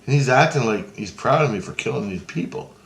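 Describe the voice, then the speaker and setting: This man has a mid-range, gravelly yet fairly bright voice, expressive and fairly quick. He rambles profanely through a casual retelling of a dream, restarting often and leaning on hand-gesture talk. The recording carries roomy echo and faint ambience.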